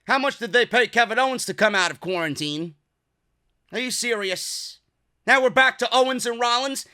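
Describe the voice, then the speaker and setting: Man, high pitch, bright edge, sarcastic profane rants, wrestling review vlog host. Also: moderate pace. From New York. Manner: sarcastic, profane, fired-up ranting. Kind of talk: ranting video review.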